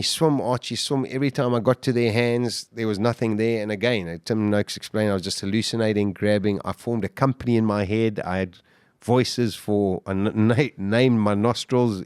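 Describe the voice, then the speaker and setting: A man, a podcast guest, telling his survival story in an animated way, full of restarts and repeated words. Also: lowish voice, clean tone, no room sound, studio quality. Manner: vivid, animated retelling with restarts. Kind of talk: interview storytelling.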